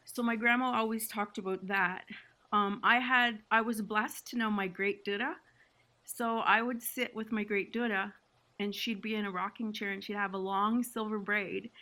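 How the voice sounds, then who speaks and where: A woman's voice: medium pitch, fairly even intonation, moderate pace, sharp tone. A woman from Six Nations, Canada, a podcast guest telling her family story in an emotional, reflective way. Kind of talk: podcast conversation.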